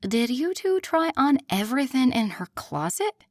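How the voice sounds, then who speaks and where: Woman doing a brisk young friend, mildly reproachful, dry close voice. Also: sits high, big pitch swings, a little mellow, no echo, voice pushed up. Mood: disapproving.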